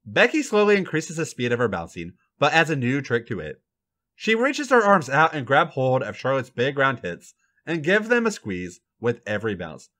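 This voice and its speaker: A man hosting a podcast, reading a fan fiction story aloud with an animated, dramatic delivery. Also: medium pitch, moderate pace.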